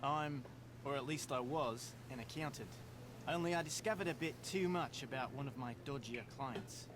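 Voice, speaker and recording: A man's voice: mid-range voice, normal speed, background noise, lightly acted. A man playing a wary Australian fugitive. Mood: guarded. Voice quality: wary, guarded, laid-back slang. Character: shifty Australian man posing as Jamaican. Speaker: game character. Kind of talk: video game voice acting.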